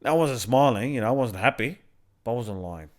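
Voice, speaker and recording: Crude bloke telling a story. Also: male voice, medium pitch, fairly quick. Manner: crude slang, animated retelling of a story. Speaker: podcast co-host. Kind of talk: casual storytelling chat. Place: backyard.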